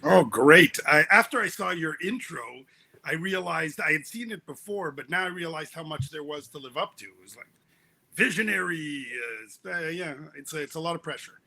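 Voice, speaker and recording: A man's voice: a little high, normal speed, creaky, sharp tone. A man who is the guest on an interview, telling funny stories in a joking manner. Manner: joking storyteller. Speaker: guest, author. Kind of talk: casual interview talk.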